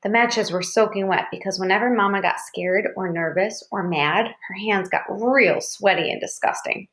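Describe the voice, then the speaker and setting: A woman reads a novel aloud at an even, mid-range pitch. Her narration is steady and plain, carrying the story along without fuss. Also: normal speed. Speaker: reader.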